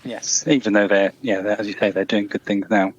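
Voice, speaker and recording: Low-voiced man, measured interview guest. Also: fairly even intonation, slightly rough, highs cut off. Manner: measured, thoughtful, many restarts. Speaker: guest, former truck company employee. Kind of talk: podcast interview answers.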